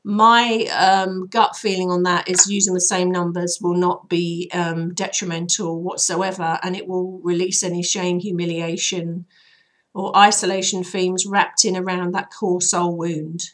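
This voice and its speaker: Hoarse woman talking through a healing process. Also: on the low side, little pitch movement, unhurried. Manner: chatty, rambling, loose guiding talk with fillers. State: voice hoarse and troubled. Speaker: healer and channel host. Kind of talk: casual spoken guidance.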